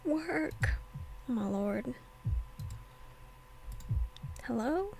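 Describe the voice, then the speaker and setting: Young woman streamer chatting while gaming, high voice with some fry, slow and playful. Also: very animated, a little hiss or hum, low-quality recording. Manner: playful, mock-dramatic apologizing. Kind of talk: casual gaming chat.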